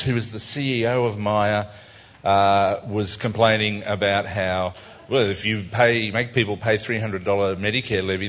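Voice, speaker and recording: A man's voice: lowish voice, fairly bright tone. A man with an Australian accent, a cartoonist talking an audience through his cartoons in a wry, chatty, self-mocking way. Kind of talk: casual live talk to an audience. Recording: dull lo-fi recording.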